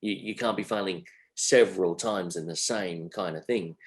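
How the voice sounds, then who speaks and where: A man's voice: deep voice, moderate pace. A middle-aged Australian man as a guest on a podcast interview, speaking with energy and emphasis and repeating his phrases. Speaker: entrepreneur guest.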